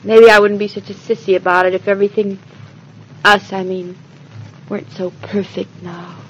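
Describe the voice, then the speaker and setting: An actress in 1940s radio acting, playing an earnest, affectionate young newlywed wife with a breathless, wide-eyed manner. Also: female voice, mid-range voice, level tone, moderate pace, slight background noise, lightly acted. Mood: tender. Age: young adult. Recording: dull old radio transcription.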